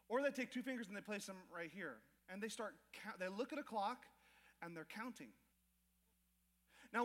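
A man preaching a sermon as pastor, telling stories with lively acted-out asides and joking with the congregation. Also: sits high. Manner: animated storytelling with acted asides to the crowd. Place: church auditorium. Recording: long hall reverb.

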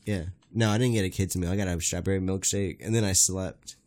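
A man's voice: low voice, fairly even intonation, fairly quick, darkish tone. Laid-back young man telling a story. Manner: laid-back storytelling, laughs through his words. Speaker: podcast co-host. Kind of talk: casual chat.

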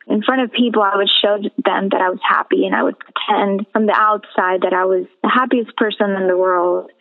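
A woman from the Caribbean, a guest on a radio interview, telling her personal testimony in an earnest, measured way over a phone line. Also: mid-range voice, steady tone, vocal fry. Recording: tinny phone-line audio.

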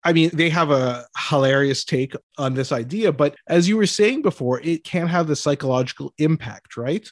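A man co-hosting a podcast, speaking in a measured, explanatory way and citing research in casual chat. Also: a little high, no room sound, studio quality. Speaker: podcast co-host.

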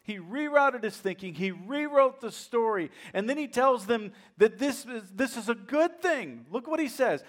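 A male pastor preaching a sermon, retelling a story dramatically and swinging from hushed lines to loud, emphatic ones. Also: extremely high pitch, animated, normal speed, hardly any pauses.

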